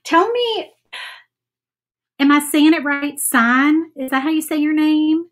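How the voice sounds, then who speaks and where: A woman's voice: sits high, slow pace. A woman chatting casually while she paints on a livestream, self-doubting and saying "y'all" often. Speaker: craft livestream host.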